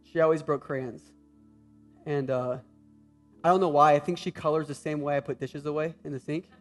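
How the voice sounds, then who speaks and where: A young adult man preaching a sermon as pastor, animated, moving from loud exclaiming to a hushed tender tone. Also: fairly high pitch, normal speed, faint music behind.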